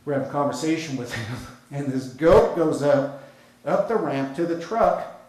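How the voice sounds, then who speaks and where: A man's voice: fairly high pitch, animated, moderate pace, a little mellow. A man preaching a sermon with an American accent, talking in a conversational, folksy storytelling way with casual asides. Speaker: pastor. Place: church sanctuary. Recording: very echoey church hall.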